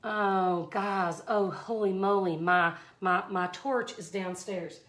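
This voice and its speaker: Woman, Mississippi Southern accent, chatty, exclamatory, live craft tutorial, mid-pitched. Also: slow, a bit bright. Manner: chatty, effusive, exclaims often. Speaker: resin art instructor.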